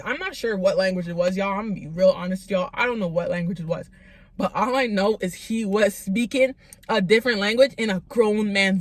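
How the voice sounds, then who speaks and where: A young woman telling a true story to her viewers in an animated, slangy way, often calling them "y'all". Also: on the high side. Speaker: vlogger. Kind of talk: storytime vlog.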